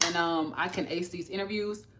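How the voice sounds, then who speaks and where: Hosting a laid-back livestream, this Texan woman in her thirties addresses her audience as "y'all" with real earnestness. Her voice sits on the low side, steady and a bit bright, moving at a moderate pace.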